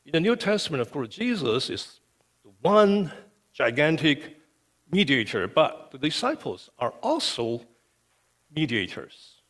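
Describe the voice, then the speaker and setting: A man's voice: fairly high pitch, big pitch swings, measured pace, a bit bright. A male pastor preaching a sermon with emphasis, often checking in with "okay". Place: church sanctuary. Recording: long reverb of a church hall.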